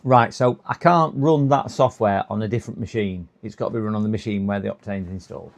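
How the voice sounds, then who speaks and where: At a repair workbench, a man on a live stream thinks aloud in a low, gravelly voice, talking briskly with few pauses. It's casual stream chat, and he reads instructions half to himself, using hesitant fillers.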